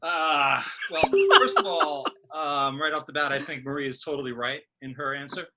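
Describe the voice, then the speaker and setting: A man's voice: a little high, flat delivery, moderate pace, heavy background noise. A man acting as guest judge on a comedy podcast, good-humored and laughing easily. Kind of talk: casual podcast chat.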